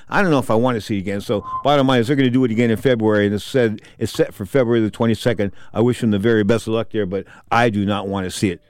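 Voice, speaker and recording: A man's voice: lowish voice, racing, few pauses, a little mellow, no room sound. A middle-aged man hosting a boxing talk show from a studio, blunt and sarcastic as he rants in opinionated sports talk.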